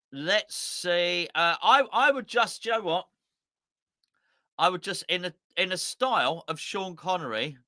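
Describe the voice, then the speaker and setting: A man's voice: sits high, sharp tone. A man hosting a casual live-stream chat, rambling and often correcting himself. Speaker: host.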